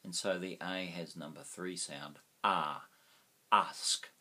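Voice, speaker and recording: An older Australian man teaching English pronunciation, repeating each vowel sound slowly for learners to copy. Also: low-pitched, steady tone, fairly bright tone. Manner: slow, drawn-out, repeats sounds for practice. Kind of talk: pronunciation lesson.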